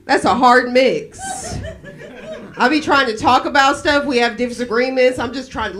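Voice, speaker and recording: Woman stand-up, 40s, a little high-voiced, profane and deadpan, live at a small cafe. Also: normal speed. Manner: brash, profane, deadpan about dark topics. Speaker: stand-up comedian.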